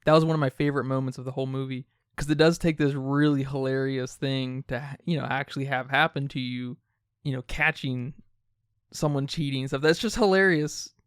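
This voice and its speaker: A man co-hosting a podcast, talking casually about a film in quick, animated bursts. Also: medium pitch, smooth, no echo, studio quality. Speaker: podcast co-host.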